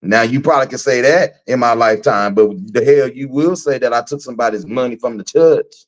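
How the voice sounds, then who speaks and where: A middle-aged Texan host rants to his live-stream audience, animated, preachy and profane, repeating himself for emphasis. His medium-pitched voice is brisk, and the audio has its highs cut off.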